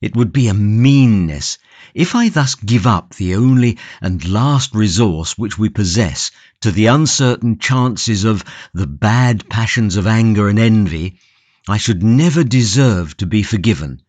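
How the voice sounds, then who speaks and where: A man's voice: fairly low pitch, expressive, measured pace, a little mellow, no room sound. A man playing a brooding, impassioned prisoner. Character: passionate imprisoned young tulip grower, brooding and stoic. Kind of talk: audiobook character reading.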